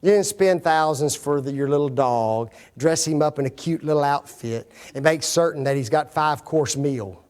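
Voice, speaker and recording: A man's voice: a little high, normal speed, few pauses, darkish tone. A man teaching a Bible class lesson, quizzing his audience with fill-in-the-blank questions and folksy, joking asides.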